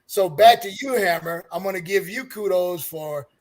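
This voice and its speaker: Older man, high voice, earnest advice. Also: normal speed. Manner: earnest, preachy, gives advice. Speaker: guest, longtime super fan. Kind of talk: casual storytelling.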